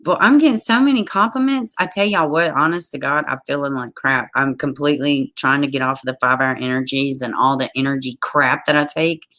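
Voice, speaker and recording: Brief: Southern woman, tired, very deep voice, true crime livestream host who reads aloud and chats with the viewers. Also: a little fast, few pauses, sharp tone. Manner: reads a case aloud, trails off and greets viewers. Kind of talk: reading aloud and chatting on a livestream.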